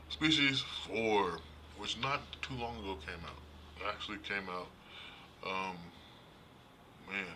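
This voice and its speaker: A man streaming live, chatting casually and animatedly about movies, laughing often and acting out characters in high voices. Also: background noise. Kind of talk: casual rambling movie talk.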